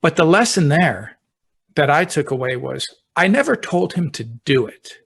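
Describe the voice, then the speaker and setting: A middle-aged man, a deputy fire chief, hosting a podcast and telling a personal story in a relaxed, conversational way. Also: on the high side, moderate pace, creaky, husky. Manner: relaxed, talks through anecdotes step by step.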